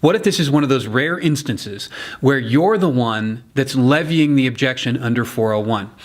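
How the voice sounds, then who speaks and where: A man teaching how to argue an evidence rule in court, casual and blunt, then acting out the argument with deliberate emphasis. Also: medium pitch. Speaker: legal communication coach. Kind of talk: instructional explainer.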